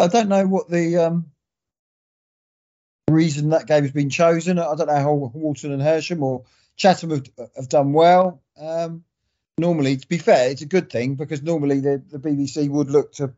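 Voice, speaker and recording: A man's voice: on the high side, dark tone, lo-fi sound. A man co-hosting a casual football podcast. He rambles and circles back with restarts and fillers. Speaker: podcast co-host. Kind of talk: casual sports chat.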